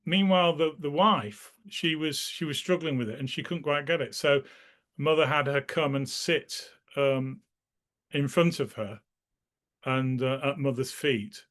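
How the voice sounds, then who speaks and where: A man's voice: a little high, unhurried, fairly bright tone. Rambling man telling old stories. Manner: rambling storyteller who restarts sentences often; acts out the people in his stories. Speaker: interviewee sharing memories. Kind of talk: casual spoken recollection.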